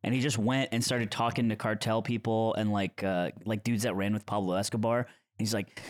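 A man's voice: lowish voice, fairly even intonation, brisk, few pauses. Male co-host, loose and rambling, tells stories with frequent laughs. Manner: rambling storyteller, laughs often. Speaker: podcast co-host. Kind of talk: casual chat.

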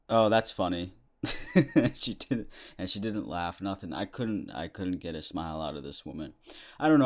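A young man in his twenties hosting a podcast, rambling through a casual comedic monologue and chuckling often. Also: low-pitched. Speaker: podcast host.

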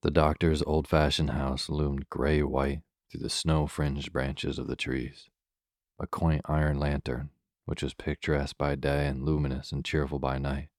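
Very deep, calm bedtime storyteller man. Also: no echo, studio quality. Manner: slow, soothing, measured.

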